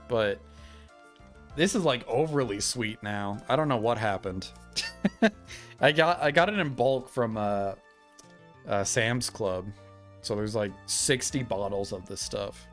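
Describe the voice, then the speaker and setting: A man's voice: medium pitch, fairly bright tone. A young man streaming live, chatting and rambling casually with frequent laughs.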